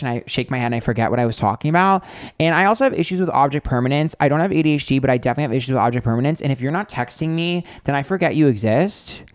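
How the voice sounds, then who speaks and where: A man's voice: on the high side, clean tone, no echo, studio quality. A young man hosting a tarot livestream, telling a date story in a blunt, sarcastic, gossipy way with plenty of fillers. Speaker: tarot reader and livestream host.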